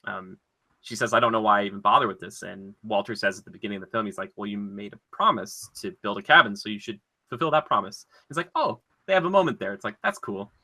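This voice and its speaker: A man co-hosting a casual podcast, retelling scenes in an animated, rambling way with lots of filler words. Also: fairly low pitch, fast talker. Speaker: podcast co-host.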